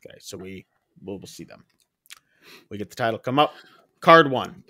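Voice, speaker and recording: A man's voice: fairly low pitch, lively intonation, normal speed, bright, forceful tone, no echo, studio quality. A man co-hosting a horror film podcast, recapping a movie in casual chat and acting out screams and quoted lines. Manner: rambling, acts out screams and quotes. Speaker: podcast co-host.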